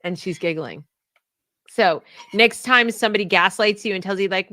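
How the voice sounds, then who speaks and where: A woman giving video commentary on a clip, talking with halting restarts and sudden emphasis. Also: mid-range voice, fairly bright tone, dry recording, clean studio sound. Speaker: online commentator.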